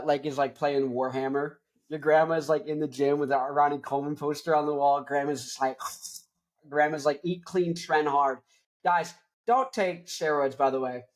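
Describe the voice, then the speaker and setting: A young man hosting a rock show, reviewing an album in a rambling, jokey, digressive way. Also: a little high. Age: young adult. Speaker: host. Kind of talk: casual album review chat.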